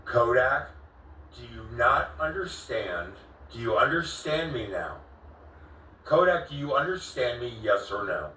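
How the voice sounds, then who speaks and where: A man's voice: mid-range voice, very animated, a little slow, sharp tone, recorded from a distance, slight background noise. A man with a cracking voice, confronting someone and repeating the same questions again and again in a pleading, exasperated way. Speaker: vlogger confronting a friend. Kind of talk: heated confrontation on camera. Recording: echoey room, voice a bit off-mic.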